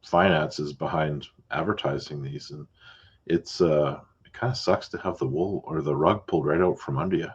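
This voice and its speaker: A deep-voiced, husky man hosts a podcast in an easygoing, chatty way, drifting into asides as he talks. The sound is muffled and lo-fi. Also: normal speed. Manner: relaxed, chatty, with fillers and asides. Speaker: podcast host, realtor. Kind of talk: casual chat.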